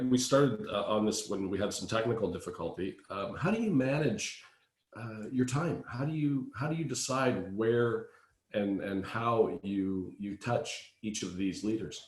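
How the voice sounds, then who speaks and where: A man's voice: on the low side, reverberant. A man hosting a conference panel, asking friendly questions with frequent fillers and restarts. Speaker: panel host.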